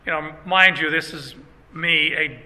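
A man's voice: a little high, unhurried, long reverb tail, poor audio. A man from Germany, a Bible teacher, speaking emphatically about how to interpret Scripture and telling stories from his classes. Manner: emphatic, animated storyteller. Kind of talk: speaking on theology.

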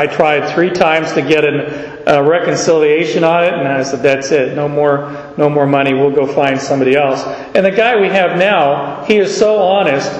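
Folksy pastor preaching. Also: male voice, a little high. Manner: folksy, anecdotal, animated. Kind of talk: sermon. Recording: echoey hall, dull sound.

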